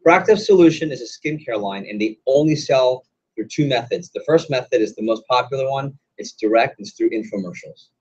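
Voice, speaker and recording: A man's voice: mid-range voice, a little fast, darkish tone, slightly rough, lo-fi sound. A man running an interactive sales training session, quizzing the room and acting out examples. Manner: quizzes audience, acts out examples.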